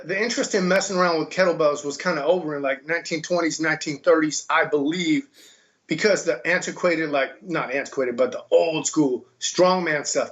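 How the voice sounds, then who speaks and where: Man, American accent, casual storytelling, animated, higher pitch. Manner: animated, mimics voices in quotes. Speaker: podcast guest, kettlebell instructor. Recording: dull lo-fi sound.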